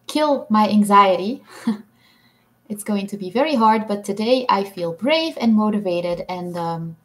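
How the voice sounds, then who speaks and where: Slow-talking woman chatting on a livestream. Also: medium pitch. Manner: slow, chatty, frequent ums and laughs. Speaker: livestream host. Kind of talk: casual live chat reading comments.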